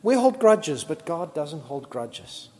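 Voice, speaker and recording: A man preaching a sermon as pastor, lively and conversational, acting out scripture scenes in casual voices. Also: fairly high pitch, slow. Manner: lively, acts out biblical dialogue in casual voices. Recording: long reverb of a large hall.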